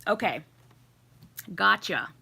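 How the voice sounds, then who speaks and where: A woman's voice: mid-range voice, very animated, slow, gravelly, husky. A middle-aged woman hosting a casual livestream from home, laughing often as she greets viewers and reads their comments. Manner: giggly, chatty, warm greetings to viewers. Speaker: livestream host. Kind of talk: casual live chat reading comments. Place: home with a fireplace.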